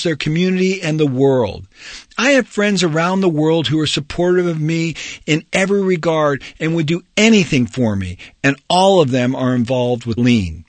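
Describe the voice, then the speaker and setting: Brief: male author reading his self-help book, upbeat and emphatic, somewhat high voice, dead-dry studio read. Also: a bit bright, dry recording. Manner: earnest, emphatic, motivational. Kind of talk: audiobook narration.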